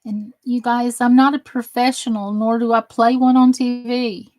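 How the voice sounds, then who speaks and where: A woman's voice: a little high, little pitch movement, moderate pace, few pauses, a little mellow, no room sound. A woman from the American South with a Southern accent, chatting folksily on her crafting live stream and reading comments aloud. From Southern United States. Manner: folksy, chatty, self-deprecating. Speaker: crafting livestream host.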